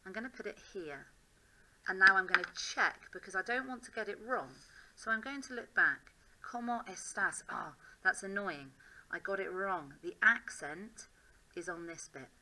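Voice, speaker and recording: A woman's voice: medium pitch, normal speed, pushed and bright, a little hiss or hum, rough recording. An English woman teacher thinking aloud as she writes, upbeat and encouraging in a classroom demonstration.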